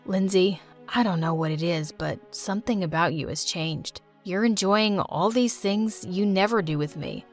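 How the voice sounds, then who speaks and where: A woman voicing a gentle, earnest teenage boyfriend in an animated drama, speaking softly. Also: on the low side, moderate pace, soft background music, natural voice. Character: male teen boyfriend Toby, gentle and earnest.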